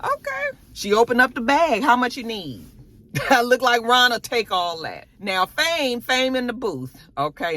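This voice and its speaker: A woman recapping a TV episode in a casual vlog, telling it with slangy asides and animated delivery. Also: low-pitched. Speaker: TV episode reviewer.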